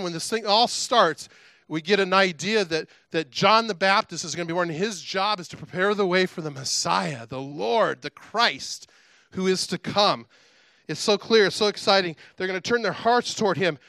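A middle-aged pastor preaches a sermon, telling the story with animated energy and chatty asides. His voice is bright and forceful and sits slightly high. The sound is dry and close. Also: moderate pace, no room sound.

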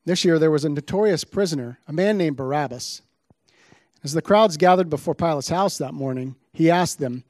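A man's voice: a little high, normal speed, darkish tone, no echo, studio quality. A man giving a sermon, reading scripture aloud with dramatic emphasis on the quoted lines before explaining the passage. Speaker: preacher.

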